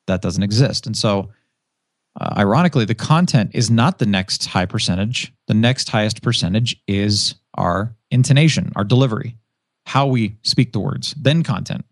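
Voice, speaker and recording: A man's voice: fairly low pitch, no echo, clean studio sound. A man who once worked as a radio DJ, talking casually as a podcast guest and acting out the voices in his stories. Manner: animated storyteller who acts out quoted voices.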